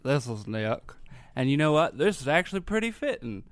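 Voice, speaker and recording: A man's voice: on the high side, very animated, moderate pace, no room sound. A man co-hosting a comedy podcast in a studio, needling his sister with teasing remarks. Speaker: co-host, host's brother. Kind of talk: comedic casual banter.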